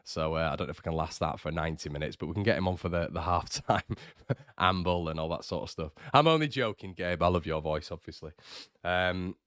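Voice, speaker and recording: Animated and fairly quick, this young livestream host reads viewer comments on his fan channel, teasing and chatting with frequent fillers and restarts. His voice is low-pitched and a bit bright, recorded dry with clean studio sound.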